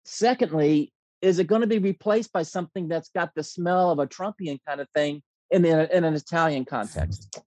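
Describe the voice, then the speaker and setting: A man's voice: a little high, animated, moderate pace, darkish tone, dry recording. A man hosting an interview, asking long, rambling questions in a folksy way with frequent restarts. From United States. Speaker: host.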